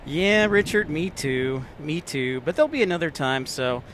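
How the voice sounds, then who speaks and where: A man's voice: fairly high pitch, animated, moderate pace, a bit bright, slight background noise. A man hosting a casual live stream, joking around and answering viewers' chat messages. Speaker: livestream host.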